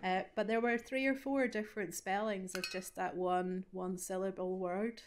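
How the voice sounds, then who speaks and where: A woman with a Northern Irish Ballymena accent answers audience questions at a study day. She talks in a loose, chatty way, full of asides and little self-deprecating jokes, in a mid-pitched voice. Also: fairly even intonation, moderate pace, slight background noise. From Northern Ireland. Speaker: invited author speaking at a study day. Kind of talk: conversational Q&A answer.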